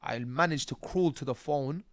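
A man, a podcast guest telling his stories in casual street slang, often tagging lines with "bro" and "yeah" and getting animated. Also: on the high side, moderate pace. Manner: animated, rising when excited. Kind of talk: casual interview storytelling.

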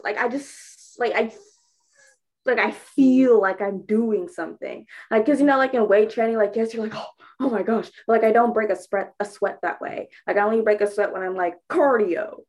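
A woman's voice: medium pitch, a little mellow. A woman co-hosting a podcast, chatting upbeat and rambling with many fillers. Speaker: podcast co-host. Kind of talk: casual chat.

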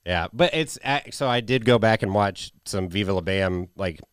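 A man co-hosting a casual movie podcast, talking in loose, profane, animated banter. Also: on the low side, moderate pace, clear, resonant tone, dry recording, studio quality. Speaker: podcast co-host.

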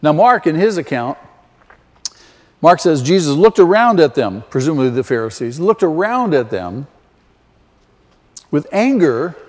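A man preaching a sermon slowly and emphatically, with sudden loud rises for stress. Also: a little high, sing-song. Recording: long hall reverb.

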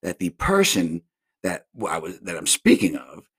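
A man's voice: low-pitched, wildly swooping pitch, moderate pace, husky. A man from South Florida hosting a casual solo podcast from home, rambling through a profane monologue with many restarts and tangents. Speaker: podcast host.

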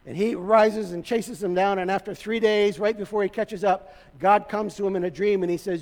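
A man's voice: sits high, fairly even intonation, moderate pace, hardly any pauses, a little mellow. A male pastor preaching a sermon, retelling a story in a conversational way with touches of humor. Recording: reverberant hall.

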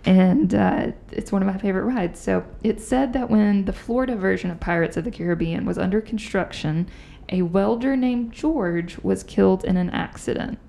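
Chatty woman with a gravelly voice. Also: mid-range voice, moderate pace. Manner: chatty, animated storyteller. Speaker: podcast host. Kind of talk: casual chat, storytelling.

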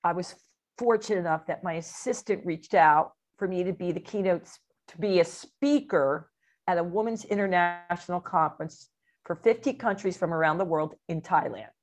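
A woman who is a motivational speaker, telling stories as an interview guest in an animated way, often laughing and acting out quotes. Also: on the low side, moderate pace. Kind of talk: casual interview storytelling.

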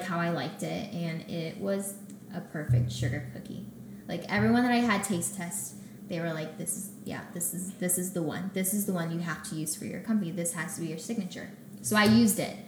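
A young woman with a fairly low voice tells her story in a relaxed interview, slipping into lively quoted dialogue. The room is echoey, with a faint hum of ambience behind her. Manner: animated, acts out her own quotes. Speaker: guest, baker and business owner.

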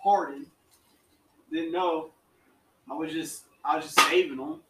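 A man's voice: on the high side, fairly even intonation, unhurried, bright, forceful tone, slight background noise. A man co-hosting a podcast in casual chat outdoors by a fire, swearing a lot and teasing his friends. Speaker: podcast co-host. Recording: echoey outdoor sound from far off mic.

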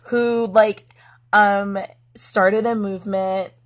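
An American woman hosting a podcast, relaxed and hesitant, filling her speech with ums and likes. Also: mid-range voice, slow pace. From United States. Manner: hesitant, many fillers, relaxed. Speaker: podcast host. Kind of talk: casual chat.

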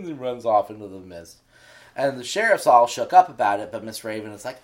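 A man co-hosting a casual podcast chat, telling stories in an animated way and acting out characters' lines. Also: mid-range voice, moderate pace. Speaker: podcast co-host.

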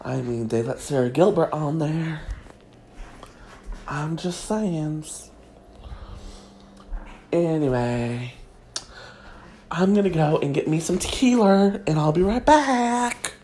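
A woman's voice: deep voice, lively intonation, slow, pauses often, mellow, a little hiss or hum. A woman delivering a sassy, mock-prim comedic gossip monologue as host.

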